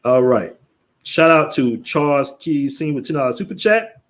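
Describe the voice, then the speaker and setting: An American man hosts a casual livestream, telling stories and reading viewer messages in loose slang while laughing often. His voice is a little high, with lively intonation at a normal speed.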